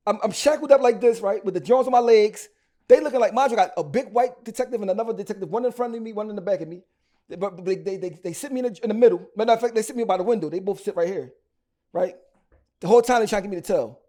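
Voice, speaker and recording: Fast-talking Philly man, high and dark-toned. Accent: Philadelphia. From Philadelphia. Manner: animated, slangy storytelling with many restarts. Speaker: rapper guest. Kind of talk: storytelling interview.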